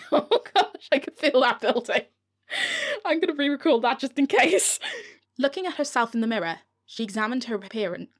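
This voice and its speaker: A woman's voice: fairly high pitch, animated, normal speed, pauses often. A British woman reading her own novel aloud, often breaking into giggles and swearing at her slips. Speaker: author narrating her own audiobook. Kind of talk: audiobook reading with bloopers. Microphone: home recording mic.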